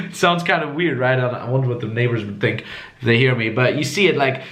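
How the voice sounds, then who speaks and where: A man coaching in casual talk, animated, swearing freely and acting out different tones with high squeaky swoops. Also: fairly quick. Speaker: dating coach.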